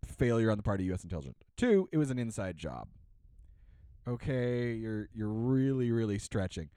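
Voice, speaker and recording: A man co-hosting a podcast, talking in a sarcastic, ranting way, full of "like" and restarts. His pitch swings widely as he gets worked up. The sound is dry and close, with no room echo. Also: normal speed, clear, resonant tone. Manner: animated, sarcastic, many fillers and restarts. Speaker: podcast co-host. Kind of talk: casual ranting chat.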